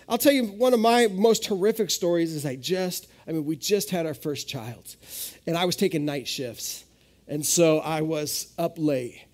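A man in his thirties preaching a sermon at a live church service, telling stories with sudden jumps in pitch and loudness. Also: moderate pace. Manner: animated storytelling with sudden rises in pitch. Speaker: pastor.

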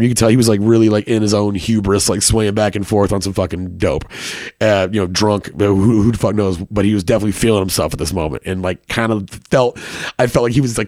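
A man's voice: lowish voice, darkish tone, dry recording, clean studio sound. A man telling a personal story casually, with lots of swearing and filler words.

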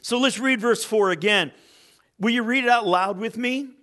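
A man's voice: extremely high pitch, moderate pace, sharp tone. A male pastor preaching a sermon in church, telling a joke story and reading scripture, with small stumbles and restarts.

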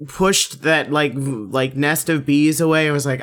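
A man with a slightly higher voice co-hosting a casual podcast. He laughs through much of what he says and mocks the characters, with plenty of "like" in his talk. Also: fairly even intonation, normal speed, fairly bright tone. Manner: laughs often, mocking, says "like" a lot. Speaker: podcast co-host. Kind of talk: casual chat recapping a show.

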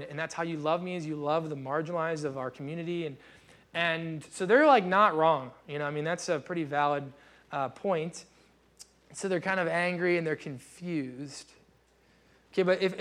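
Young male pastor, fairly high voice, chatty sermon delivery with animated asides. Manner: casual, conversational preaching with lively acted-out asides.

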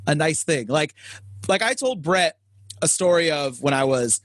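A man with a somewhat high voice tells rambling anecdotes, full of restarts and little laughs. His voice sits dry and close, with no room sound. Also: animated, measured pace, a bit bright, no echo. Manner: rambling, hesitant, laughs at own stories. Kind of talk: casual storytelling chat.

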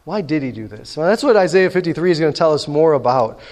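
Animated preacher in a reverberant hall. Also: male voice, a little high, quick pace. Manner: animated storytelling, acting out dialogue. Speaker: pastor. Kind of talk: sermon.

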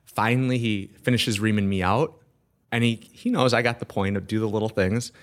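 In a lowish voice and at a fairly quick clip, a guest entrepreneur from Minnesota recounts a story during an interview. He animates it by voicing the quoted lines of each person.

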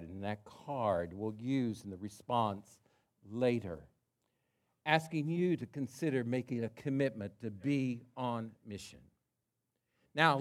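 A pastor preaching a sermon to his congregation in a conversational way, telling a story with quiet asides. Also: mid-range voice.

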